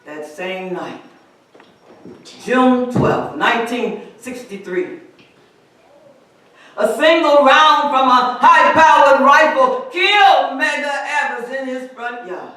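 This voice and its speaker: A man performing a dramatic first-person monologue in a church, telling his story slowly and deliberately. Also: extremely high pitch, sharp tone. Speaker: solo performer. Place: large church sanctuary. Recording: echoey church hall from far off.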